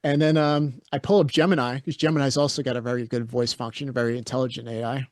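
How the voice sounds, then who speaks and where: A man's voice: medium pitch, steady tone, fast talker, no echo, clean studio sound. A man co-hosting a podcast, chatting casually and telling stories in a blunt, opinionated way. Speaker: podcast co-host.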